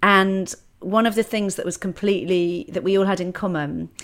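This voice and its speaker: A woman's voice: medium pitch, steady tone, normal speed, fairly bright tone. A middle-aged woman, talking candidly and reflectively on a podcast, often restarting her sentences. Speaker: podcast host. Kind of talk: casual conversation.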